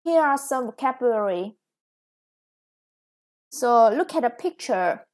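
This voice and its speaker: A woman English teacher with a Vietnamese accent, explaining grammar in a recorded lesson, slow and patient with many "yeah" and "okay". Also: a little high, lively intonation.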